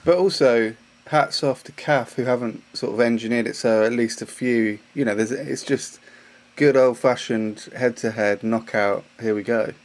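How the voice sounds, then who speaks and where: A man's voice: mid-range voice, normal speed. A man talking football as a studio pundit, enthusiastic and casual, often restarting his sentences. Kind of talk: casual sports discussion.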